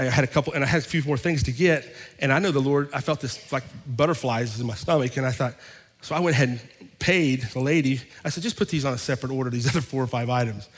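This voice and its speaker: Pastor telling a story in a reverberant hall. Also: male voice, mid-range voice. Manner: animated storyteller acting out both sides of an argument. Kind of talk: sermon storytelling. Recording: long reverb of a large hall.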